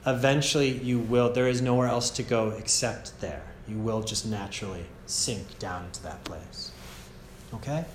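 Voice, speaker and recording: A man with an American accent giving a gentle, casual meditation teaching at a retreat, often checking in with "yeah?". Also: fairly low pitch, normal speed, slight background noise. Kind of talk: relaxed meditation talk. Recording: echoey room, faint ambience.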